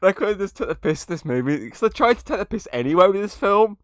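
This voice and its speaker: A man's voice: high voice, sing-song, quick pace, dry recording, clean studio sound. A young man hosting a podcast, retelling film scenes in casual chat, swearing and laughing often. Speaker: podcast host. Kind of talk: casual movie review chat.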